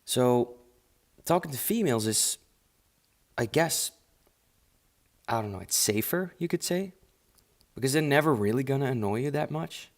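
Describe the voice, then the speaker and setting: A man's voice: medium pitch, expressive, moderate pace, pauses often. A man ranting on a live stream in a casual, profane and dismissive way, rambling and restarting his sentences, talking into an earphone mic.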